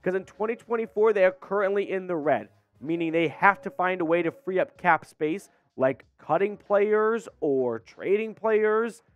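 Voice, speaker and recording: A man's voice: high-pitched, lively intonation, moderate pace, no echo, muffled recording, faint music behind. A young man hosting casual sports news commentary, congested from a cold, explaining things conversationally with asides.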